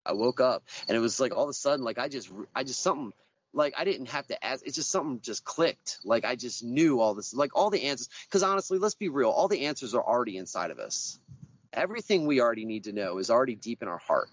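A man's voice: mid-range voice, sing-song, fast talker, highs cut off. A man speaking outdoors as a guest, earnest and reflective, with many hesitations and restarts. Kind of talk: casual conversation.

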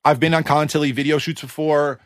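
Guy on a podcast telling a story, kinda high voice, gets going fast and swears a bit, dead dry mic. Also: dry recording. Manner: animated storyteller, swears casually, fast bursts. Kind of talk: casual podcast chat.

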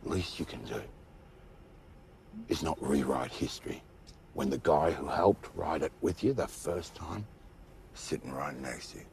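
A man's voice: very deep voice, unhurried, vocal fry, long pauses, darkish tone, a little hiss or hum, exaggerated voice. An actor playing a shapeshifting alien spy, a sarcastic man who builds into a long aggrieved rant with stumbling restarts. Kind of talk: TV series dialogue.

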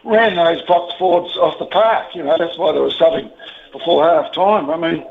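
A man with a New Zealand accent rings a radio talkback show, his voice a touch high and squeezed through a thin, tinny phone line. He talks bluntly and rambles, heart on his sleeve, with casual swearing. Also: moderate pace, vocal fry, a little hiss or hum. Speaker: radio caller. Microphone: telephone.

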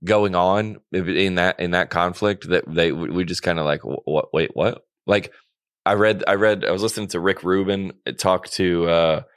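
A man's voice: sits low, fairly even intonation, moderate pace, clean tone. A man co-hosting a comedy podcast, talking in a rambling, self-interrupting way and laughing easily. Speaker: podcast co-host. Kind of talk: casual comedy podcast chat.

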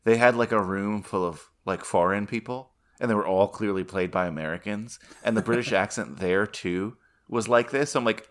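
A man co-hosting a casual film-review podcast, animated and laughing often, acting out quotes in a higher voice. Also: moderate pace. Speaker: podcast co-host.

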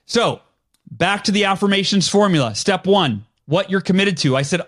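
Earnest high-voiced man telling his story. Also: moderate pace, fairly bright tone. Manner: earnest, speaks with firm conviction; clears throat now and then. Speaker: podcast guest. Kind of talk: personal story in an interview.

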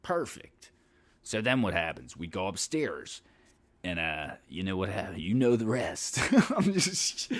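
A man's voice: low-pitched, big pitch swings, unhurried. A man hosting a podcast, telling a story casually, rambling and swearing with lots of filler. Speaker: podcast host.

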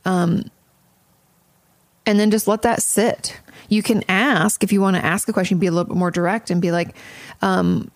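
Woman therapist doing her podcast, chatty and blunt, kinda creaky, dry close mic. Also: medium pitch, fairly even intonation, normal speed, long pauses, no echo. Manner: chatty, frank, swears casually. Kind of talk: casual advice podcast.

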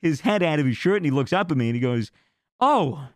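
A young man, a podcast host, telling a story in casual chat, animated, acting out quotes and swearing freely. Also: on the high side, racing, no room sound, clean studio sound.

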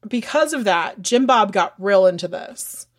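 A woman co-hosting a podcast, telling stories in a lively, frank way and swearing now and then. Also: mid-range voice, unhurried. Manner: animated storytelling with frank swearing. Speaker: podcast co-host. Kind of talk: casual chat.

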